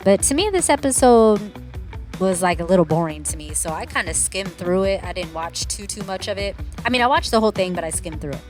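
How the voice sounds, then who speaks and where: A woman's voice: mid-range voice, animated, a little fast, faint music behind. Chatty rambling woman reviewer. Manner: rambling, chatty, hedging asides. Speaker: show reviewer. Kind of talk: casual commentary.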